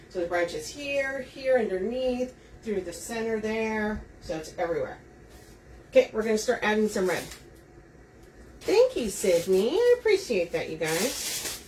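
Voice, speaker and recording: A woman's voice: medium pitch, lively intonation, normal speed, darkish tone. A woman hosting a live craft demonstration, chatting with viewers as she talks them through each step. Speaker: wreath-making host. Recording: distant mic, faint room noise.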